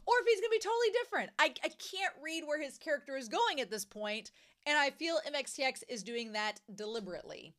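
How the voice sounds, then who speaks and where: A young woman casually discussing a novel she is reading, animated and jumping to excited high notes. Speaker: book reviewer.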